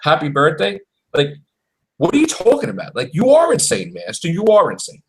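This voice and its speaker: A man talking in an animated, exclaiming way in a casual fan chat, acting out quotes as he goes. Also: sits high, a little fast, low-quality recording.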